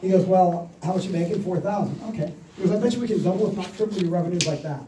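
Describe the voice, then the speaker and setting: A man in his forties delivers a motivational seminar talk, telling stories and acting out the dialogue he quotes. His voice is high-pitched, rapid-fire and mellow, with a little hiss or hum. The mic sits at a distance in an echoey hall.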